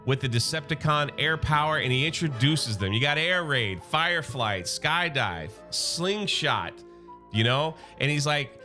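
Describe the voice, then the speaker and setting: A man recapping a comic book in a casual, slangy, excited way. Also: medium pitch, measured pace, soft background music.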